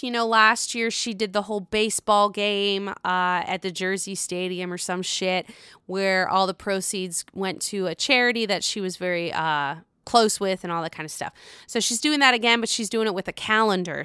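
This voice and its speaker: Gossipy woman with a bright, clear voice. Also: moderate pace, no echo, studio quality. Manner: gossipy, profane, animated with sudden high squeals. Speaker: reality TV recap vlogger. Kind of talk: casual recap chat.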